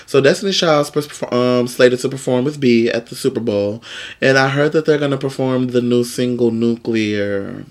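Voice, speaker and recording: A sassy man hosting his own vlog, chatting through entertainment gossip in a loose, playful way. His voice sits at an ordinary middle pitch and is recorded close to the mic. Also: moderate pace. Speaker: vlog host. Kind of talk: casual gossip commentary.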